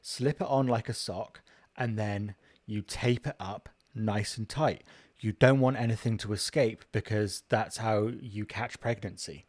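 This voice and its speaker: A man's voice: lowish voice, a little mellow. A man, a tattoo artist, talking casually through his work, swearing often and joking in a dry, offhand way. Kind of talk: casual vlog narration.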